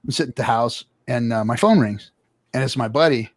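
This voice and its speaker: Gravelly guy spinning a crazy story, swearing, jumps to loud voices. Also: medium pitch, fairly quick, no room sound. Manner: animated, loud quoted voices, swears often. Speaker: podcast co-host. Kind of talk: casual storytelling chat.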